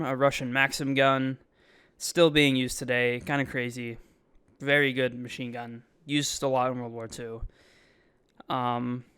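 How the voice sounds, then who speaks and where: Guy rambling over his own video clips, lots of ums and likes, super smooth clean voice, middle pitch. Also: a bit bright. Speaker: vlogger. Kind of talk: casual voice-over commentary. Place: voice-over, not recorded in the museum.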